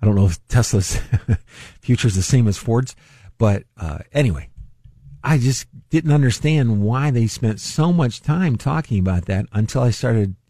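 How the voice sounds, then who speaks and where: A man's voice: mid-range voice, animated, normal speed, warm tone, no room sound, studio quality. A man hosting a finance radio show, talking casually and laughing often at his own jokes. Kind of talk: casual solo talk.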